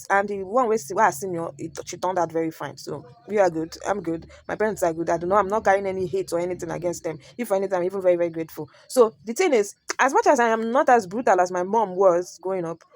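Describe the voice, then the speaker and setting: A woman's voice: medium pitch, fast, a little mellow. A Nigerian woman hosting a reaction video, chatty and storytelling, slipping into pidgin. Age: adult parent. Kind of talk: casual reaction commentary.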